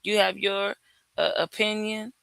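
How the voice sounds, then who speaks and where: A hoarse man who is a guest on a livestream, chatting in a rambling, teasing way and repeating himself. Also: high-pitched, monotone, a little slow, bright, forceful tone, no room sound. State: hoarse from yelling. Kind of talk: casual livestream chat.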